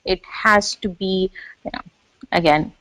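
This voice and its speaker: A woman agile coach explaining her ideas in a casual panel discussion, pausing with fillers and clearing her throat. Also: medium pitch, fairly bright tone, no room sound, rough recording.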